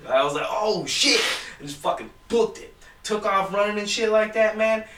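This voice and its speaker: A man's voice: high voice, fairly quick, a bit bright, a little hiss or hum. A young man telling a rambling, profanity-filled story in casual chat with friends. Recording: echoey room from far off.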